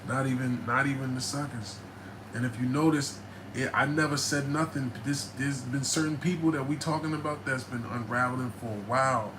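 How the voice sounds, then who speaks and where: A man chats casually with his viewers on a livestream. His talk is loose and emphatic, with a habit of repeating "you know what I'm saying." It jumps into loud, animated bursts, over a clear bed of background noise. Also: mid-range voice, a little fast. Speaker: host answering viewer questions.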